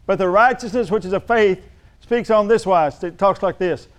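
A man preaching in a church with a high, smooth, resonant voice. He jokes with the congregation, then rises to emphatic, ringing declarations. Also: normal speed. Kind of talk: sermon.

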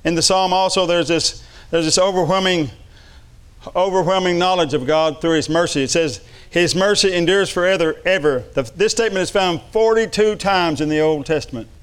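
Middle-aged pastor, preaching with fervor; smooth, resonant voice. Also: male voice, high-pitched, a little fast. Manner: fervent preaching with repetitions. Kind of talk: sermon.

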